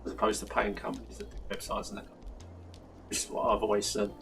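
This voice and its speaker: An older man chats through a live stream, laughing often and restarting his sentences as he goes. His voice is gravelly, and he sits a little back from the mic. A faint hiss of noise runs under him. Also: lowish voice, flat delivery, fast talker, fairly bright tone. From South London. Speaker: live stream host answering plastering questions. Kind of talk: casual live stream chat. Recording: slightly distant mic with faint background noise.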